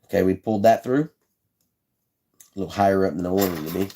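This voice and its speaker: A man's voice: sits low, quick pace, mellow, a little hiss or hum. A man hosting a live stream, casually showing how he builds fishing rods. He talks in a folksy, chatty way, repeats himself, and answers viewers in the chat. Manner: laid-back, folksy phrasing.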